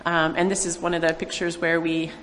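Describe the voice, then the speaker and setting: A woman, a missionary, speaks to a church congregation in a halting way, with many fillers. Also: lowish voice, level tone, a bit bright, a little hiss or hum. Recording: long reverb of a large hall.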